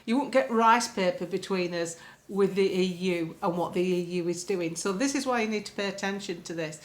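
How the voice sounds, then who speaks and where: A woman's voice: fairly low pitch, normal speed. Chatty woman vlogger. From England. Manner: chatty, rambling, many fillers, sarcastic asides. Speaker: political vlogger. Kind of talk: casual political commentary.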